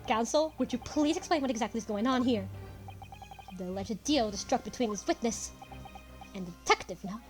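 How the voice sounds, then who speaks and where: A woman's voice: fairly high pitch, a little fast, soft background music, natural voice. A woman doing a stern, formal old judge. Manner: formal, commanding.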